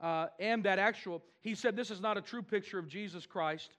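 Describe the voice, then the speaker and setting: A man preaching a sermon to his church, animated and with wry asides. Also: high-pitched, moderate pace. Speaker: pastor.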